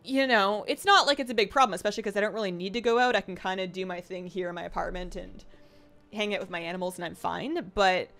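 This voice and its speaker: Talking fast in a medium-pitched, slightly bright voice, a young woman hosts a livestream from her home apartment. She reads viewer comments casually, rambling and self-deprecating, with frequent ums and restarts.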